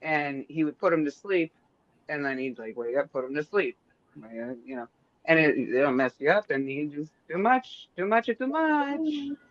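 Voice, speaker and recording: A man co-hosts a casual advice podcast, talking animatedly and swearing freely. His voice sits a little high and slightly bright, with a creaky edge, at a normal pace. The recording is dry and dull, with a lo-fi quality.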